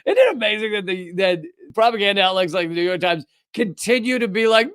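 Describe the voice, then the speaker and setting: A man's voice: lively intonation, normal speed, few pauses, dry recording, clean studio sound. A man hosting a political commentary show, talking in a sarcastic, mocking way and reading out news with running asides. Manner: mocking, mimics opponents in whiny high voices.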